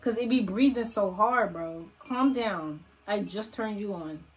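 A woman's voice: mid-range voice, measured pace. Chatty young woman coaxing game characters. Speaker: gaming YouTuber. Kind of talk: casual let's-play commentary. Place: at home by her computer. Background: faint game music.

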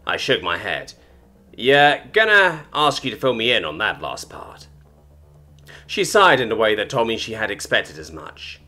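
A man's voice: on the low side, big pitch swings, normal speed, sharp tone, faint music behind. A man narrating a first-person sci-fi story in a wry, casual, sarcastic way.

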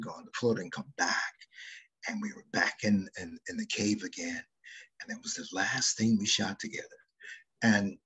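An older man, an actor, telling stories from his career in an unhurried, reflective way as an interview guest. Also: lowish voice, breathy edge. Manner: unhurried storyteller, drifting between loud and hushed. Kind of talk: reflective anecdotal conversation.

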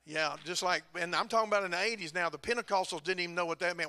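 A man's voice: high-pitched, fast talker, bright, forceful tone, clear, resonant tone. A man preaching a testimony, telling folksy stories and laughing at himself. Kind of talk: testimony sermon. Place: church sanctuary.

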